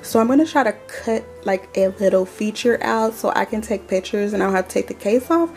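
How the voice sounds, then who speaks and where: A woman in her thirties chatting casually to her viewers at home in a talking haul vlog, animated and addressing them as y'all. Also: mid-range voice, fairly quick, soft background music. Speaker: vlogger.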